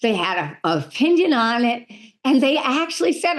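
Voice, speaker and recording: A middle-aged woman, a medium, telling lively stories in a podcast interview and acting out the voices of the people in them. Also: sits high, normal speed. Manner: animated, acts out voices in her stories. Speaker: medium and spiritual healer, guest.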